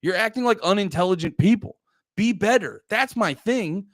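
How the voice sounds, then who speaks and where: Addressing his chat casually, this Pennsylvania comedian's livestream talk turns profane, rambling, and heated. He speaks in a high, lively voice at a moderate pace, captured dry and at studio quality.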